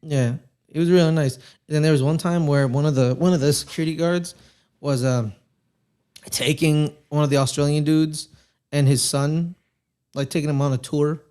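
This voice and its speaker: A man's voice: fairly high pitch, steady tone, moderate pace, mellow, smooth. A man chatting casually on a live watchalong stream, telling a long anecdote with lots of restarts and fillers. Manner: rambling storyteller, many restarts, puts on voices in anecdotes. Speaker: co-host. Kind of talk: casual chat during a watchalong.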